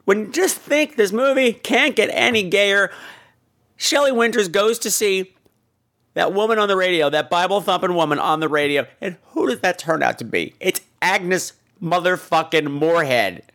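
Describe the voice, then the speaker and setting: A man's voice: high voice, expressive, moderate pace, a bit bright. Campy, profane man reviewing films. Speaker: podcast host. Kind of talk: casual comedic film review.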